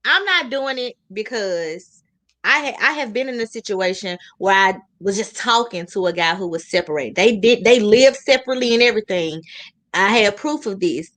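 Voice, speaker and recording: A woman's voice: medium pitch, expressive, moderate pace, fairly bright tone. A woman guest in a casual group discussion, answering firmly and bluntly. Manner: firm, blunt. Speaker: panel guest.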